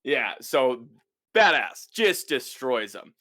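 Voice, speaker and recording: A man's voice: mid-range voice, slow pace, no room sound, studio quality. A man co-hosting a podcast, casually recapping an episode and acting out the characters' lines as he goes. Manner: animated retelling, acts out the characters' lines. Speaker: podcast co-host.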